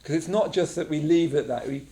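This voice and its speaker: A man's voice: fairly high pitch, fast, mellow. A man teaching a mindfulness class in a casual, conversational way, often checking in with the group. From England. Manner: conversational, checks in with frequent "yeah?". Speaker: meditation teacher. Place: meditation class room.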